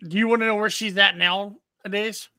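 High, gravelly-voiced man telling a crude story. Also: steady tone, moderate pace, sharp tone, dry recording, studio quality. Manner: profane, boisterous, acts out quotes. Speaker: podcast co-host.

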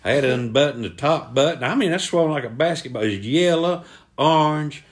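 Animated man telling a tale. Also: a little fast. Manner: acts out voices, shouting quoted lines high. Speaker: podcast co-host. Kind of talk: animated storytelling.

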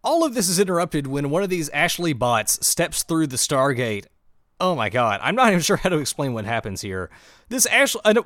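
Animated, lively-pitched man recapping on a podcast. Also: dry recording, clean studio sound. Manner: animated storyteller, mock-outraged. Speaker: podcast co-host. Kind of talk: casual episode recap chat.

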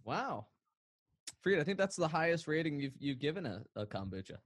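A man's voice: on the high side, big pitch swings, normal speed, slightly rough, dry recording. A man co-hosting a podcast in casual chat, playful and rambling, laughing often. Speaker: podcast co-host.

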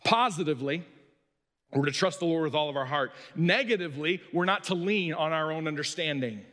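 A man preaching a sermon as pastor, swinging between loud emphasis and quiet asides. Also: fairly high pitch, brisk, long reverb tail.

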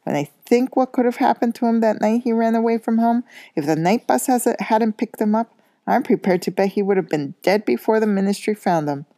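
A woman's voice: on the high side, lively intonation, a little fast, dark tone, dry recording, studio quality, pitched above the performer's own voice. A woman voicing a heated, insistent father. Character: earnest, heated father and ministry worker.

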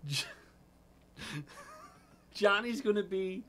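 A young man co-hosting a comedy podcast, talking in an emphatic, joking way and quick to argue. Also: sits high, expressive, fairly bright tone, a little hiss or hum. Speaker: podcast co-host. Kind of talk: casual comedic chat.

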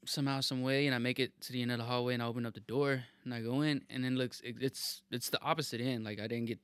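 A young man co-hosting a casual podcast chat, rambling through stories in a profane way with halting restarts. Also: medium pitch, steady tone, fairly bright tone, smooth, no room sound. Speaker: podcast co-host.

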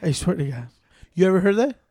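Quick, high-voiced man. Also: big pitch swings, warm tone, slightly rough, no room sound. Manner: fast, teasing, code-switching. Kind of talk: casual chat.

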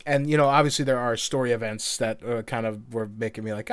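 A man co-hosting a podcast in loose, rambling chat, laughing often and dropping casual swears. His voice is smooth and resonant. The sound is dry and close. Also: mid-range voice, flat delivery, a little fast, no echo. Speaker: podcast co-host.

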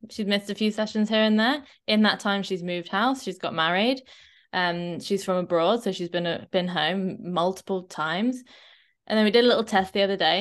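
A woman fitness coach co-hosting a podcast, chatting casually and often checking in with a quick "right?". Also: medium pitch. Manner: chatty, animated, often tags a questioning "right?".

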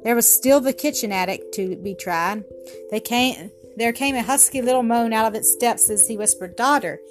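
A woman reading a storybook aloud, gentle and expressive, softening her voice for the characters. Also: fairly high pitch, moderate pace, music in the background. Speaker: narrator. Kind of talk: storybook narration.

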